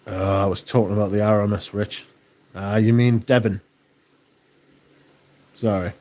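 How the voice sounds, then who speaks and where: A man hosting a livestream, chatting casually and reading out viewer comments, relaxed and enthusiastic with plenty of swearing. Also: fairly low pitch, a little slow. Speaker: livestream host.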